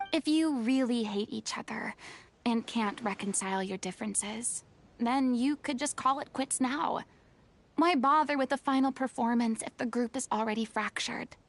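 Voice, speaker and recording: A proud, theatrical young woman scolds and lectures in a stern, commanding way. Her voice sits high and bright in a game cutscene. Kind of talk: video game voice acting.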